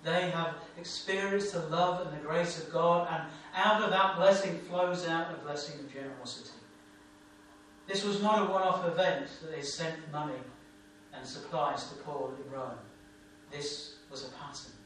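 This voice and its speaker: A man's voice: a little high, normal speed, a bit bright. A man preaching a sermon as a pastor, with an emphatic, repetitive cadence. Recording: echoey room, distant mic, faint hum.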